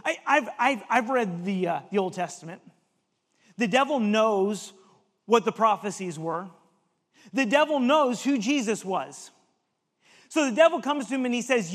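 A man's voice: high-pitched, lively intonation, normal speed, long reverb tail. A male preacher giving an emphatic sermon and reading scripture aloud.

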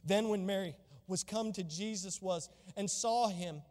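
A man's voice: high voice, measured pace, darkish tone, in a large hall. A man preaching a sermon as pastor, fervent and exclamatory, reading and explaining scripture.

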